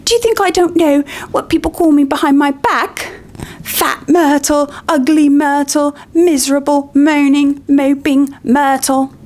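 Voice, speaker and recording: A woman's voice: fairly high pitch, animated, moderate pace, hardly any pauses, pitched above the performer's own voice. A woman voicing a sulky, weepy ghost of a teenage girl in a melodramatic, whiny, tearful way while reading a book aloud. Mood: tearful whine.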